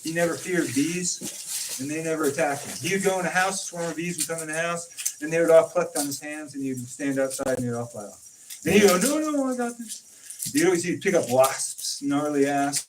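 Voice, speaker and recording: A man spins tales in loose, casual conversation, jumping into the voices of the people he quotes. His voice sits somewhat high for a man. He is caught from a distance, with a faint hiss under the recording. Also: fairly quick. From California. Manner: animated storyteller, acts out quoted dialogue. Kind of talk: casual storytelling chat. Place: informal home conversation. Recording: distant mic with faint noise.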